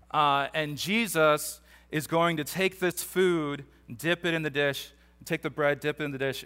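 A man teaching a Bible passage in a casual, conversational sermon, animatedly acting out the disciples' voices in his retelling. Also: on the high side. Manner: casual, animated storytelling that acts out the disciples' voices, with repeated restarts. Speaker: pastor.

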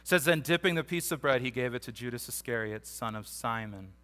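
A man's voice: medium pitch, fairly quick. A man teaching a Bible passage in a casual, conversational sermon, animatedly acting out the disciples' voices in his retelling. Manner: casual, animated storytelling that acts out the disciples' voices, with repeated restarts. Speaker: pastor.

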